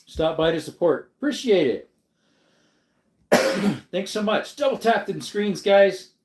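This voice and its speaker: A man's voice: high-pitched, lively intonation, slow pace, background noise. A man hosting a casual livestream, rambling loosely and answering viewers' chat as he reads it. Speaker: livestream host. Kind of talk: casual live stream chat. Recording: echoey room.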